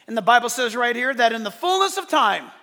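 Man, pastor, animated sermon, high bright voice, long church-hall echo. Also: fairly quick. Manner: animated preaching, acts out quoted voices.

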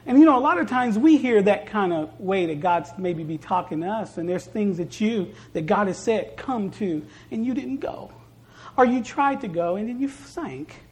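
Female preacher, mid-pitched, emphatic sermon delivery with repeated phrases, swings between hushed and loud. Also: lively intonation, moderate pace. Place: church service.

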